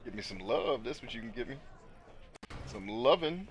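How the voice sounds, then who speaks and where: Male streamer, swearing casual commentary over noisy game audio, very lively pitch. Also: normal speed. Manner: profane, blunt and animated, laughing often.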